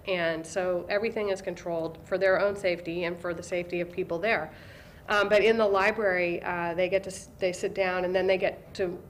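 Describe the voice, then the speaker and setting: A woman librarian speaks in a relaxed interview, her voice at a middling pitch. She talks with animated enthusiasm and now and then breaks into the excited voices of the kids she describes. A faint hiss of noise sits under the recording. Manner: animated storyteller, acts out kids' voices with excitement. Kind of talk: conversational interview.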